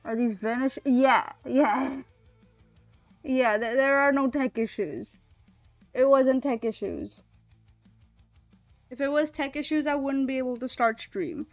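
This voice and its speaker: A woman's voice: high voice, slow pace, pauses often, no room sound, soft background music. A woman streamer in casual livestream chat, rambling and chatty and swearing freely.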